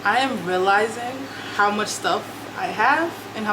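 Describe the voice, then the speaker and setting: A woman's voice: medium pitch, a little slow. Young woman vlogger, chatty and slangy, talking while she tidies, noisy home recording. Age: 20s. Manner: chatty, slangy, talks to herself as she works. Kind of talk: casual chat while decluttering. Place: her apartment.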